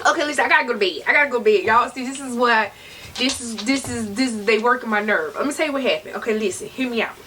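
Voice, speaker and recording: A chatty, playful woman hosts an unboxing vlog at home, her voice sitting a bit higher than most. She is picked up from a distance. A clear hum of room noise runs behind her. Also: fast, sharp tone. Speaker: vlogger. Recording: distant mic, noisy room.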